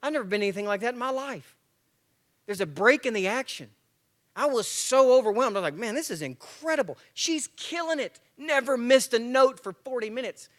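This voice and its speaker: A man from Tennessee and Georgia, speaking at a church men's breakfast and telling a story to a live audience. He acts the story out, moving between loud bursts and hushed asides. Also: very high voice, expressive, brisk.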